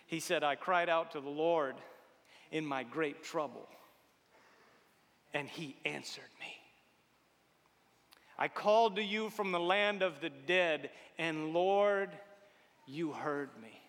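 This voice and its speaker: A preacher with a high, bright voice delivers a folksy, joking sermon. He swings from loud exhortation down to hushed tones, and his voice rings through a reverberant church hall. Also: slow pace, pauses often.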